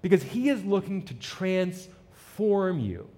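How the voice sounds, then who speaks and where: A man's voice: high voice, big pitch swings, slow, dark tone. A male pastor giving a conversational sermon, informal and prone to repeating words as he builds a point.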